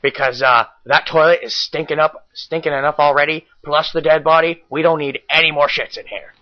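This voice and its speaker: A man voicing a gruff tough-guy police detective who talks like an old-time gangster, ending lines with "pal" and "see?". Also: a little high, fairly even intonation, fairly quick, dull audio, lightly acted. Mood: bossy.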